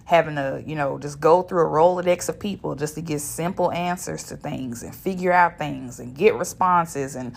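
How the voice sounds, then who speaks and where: A woman speaks in a low voice with a gravelly edge. She talks through a casual solo podcast monologue, venting bluntly and swearing freely. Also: moderate pace, few pauses. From Shreveport, Louisiana, US. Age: 30s. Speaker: podcast host.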